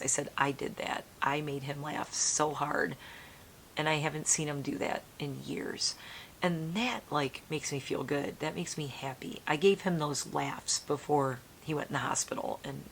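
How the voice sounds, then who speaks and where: Casting: middle-aged woman, low voice, casual rambling vlog chat, faint rumble behind. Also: fairly even intonation, a little slow, vocal fry. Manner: rambling, emotional, soft-spoken with laughs. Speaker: vlogger.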